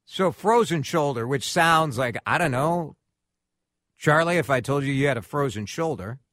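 A man hosting a radio talk show, telling a story in a casual, animated way and acting out quotes. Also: fairly high pitch, normal speed, dry recording, studio quality.

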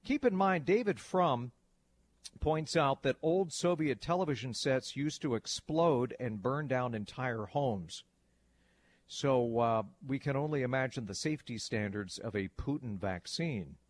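Male talk show co-host, mid-range voice, wry, relaxed, reads news and comments. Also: medium pitch, measured pace.

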